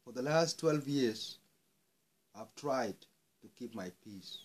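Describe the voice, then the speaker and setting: A man's voice: mid-range voice, animated, slow, pauses often, darkish tone, husky. A man from South Sudan delivering an angry, impassioned monologue, swearing and rising into outbursts. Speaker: speaker airing grievances.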